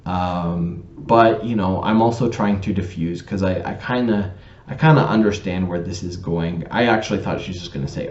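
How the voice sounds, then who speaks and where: A man's voice: low-pitched, normal speed, darkish tone. A man from Canada tells a personal story to camera in a pedantic, digressive way, with lots of ums and restarts. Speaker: vlogger telling a personal story. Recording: roomy, slightly dull recording.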